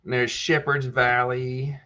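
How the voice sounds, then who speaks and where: Man, livestream host, bright forceful voice, folksy, dull lo-fi sound. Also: mid-range voice, little pitch movement, takes it slowly. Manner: folksy, reads out chat comments and replies to viewers by name. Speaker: livestream host answering viewer questions. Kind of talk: casual live chat.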